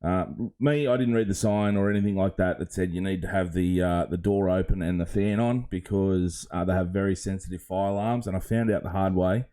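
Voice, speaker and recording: An Australian man co-hosting a casual podcast, telling a rambling story with lively quoted voices and chuckles. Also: low voice, brisk, hardly any pauses. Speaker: podcast co-host. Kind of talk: casual chat.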